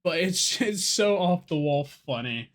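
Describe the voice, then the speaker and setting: A man's voice: a little high, lively intonation, a little slow, a bit bright. A young man co-hosting a casual drinking podcast, tipsy, rambling and profane, laughing often. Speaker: podcast co-host.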